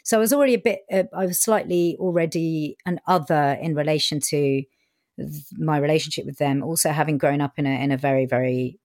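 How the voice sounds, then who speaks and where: Woman, low voice, frank and chatty interview, dry sound. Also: fairly even intonation, a little fast, darkish tone, no echo. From England. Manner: frank, sometimes swearing, many fillers. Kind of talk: candid personal storytelling.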